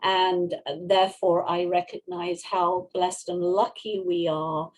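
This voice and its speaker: A woman's voice: fairly low pitch, level tone, takes it slowly, slight background noise, low-quality recording. A woman who runs a small-animal rescue, speaking earnestly and gratefully in a casual interview. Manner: earnest, grateful, laughs easily.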